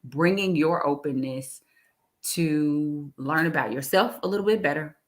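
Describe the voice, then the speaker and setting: A woman talking in a casual interview, animated, laughing often and repeating her phrases. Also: low-pitched, measured pace. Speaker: guest, executive director.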